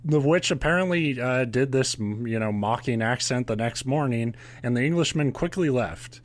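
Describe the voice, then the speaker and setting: Speaking at a normal speed in a mid-range voice, a male podcast host recounts a ghost legend conversationally. He's sarcastic and swears a lot, with frequent laughter.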